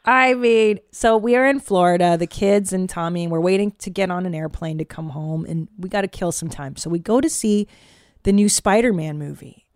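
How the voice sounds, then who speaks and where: A woman's voice: fairly low pitch, normal speed, no room sound, studio quality. Frank, rambling woman podcast host. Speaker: podcast host and stand-up comedian. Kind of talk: casual podcast chat. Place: studio booth.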